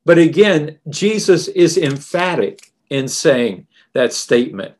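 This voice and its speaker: A man preaching a sermon in a deliberate, emphatic way. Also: fairly high pitch, very animated, darkish tone.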